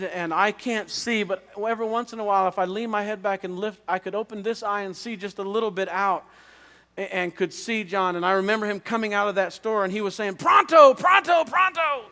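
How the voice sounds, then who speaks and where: High-voiced man preaching in a chapel. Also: a bit bright, clear, resonant tone. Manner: earnest storytelling with halting restarts. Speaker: pastor. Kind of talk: revival sermon, personal testimony. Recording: long reverb of a chapel.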